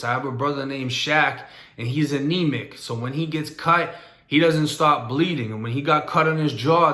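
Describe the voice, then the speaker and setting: A man's voice: mid-range voice, bright, forceful tone, reverberant. A young man bluntly telling his own prison story in a casual, streetwise way. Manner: blunt, streetwise, matter-of-fact.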